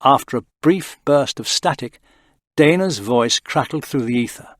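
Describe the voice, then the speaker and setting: A man narrating a science fiction audio story in an expressive, tense manner. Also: on the low side, moderate pace, no room sound, studio quality.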